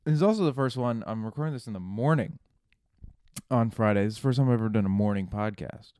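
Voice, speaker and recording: A man's voice: on the low side, fast talker, mellow, clear, resonant tone, dry recording, clean studio sound. A man hosting a solo morning podcast, ranting and cursing in a rambling, self-mocking way. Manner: rambling with many restarts. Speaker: podcast host.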